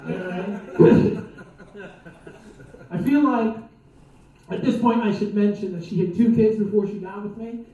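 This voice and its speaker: A man's voice: high voice, steady tone, moderate pace, long pauses, warm tone, dull audio. A man doing a stand-up set, profane and rambling, laughing at his own lines. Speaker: stand-up comedian. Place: comedy club stage. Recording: echoey club from far off.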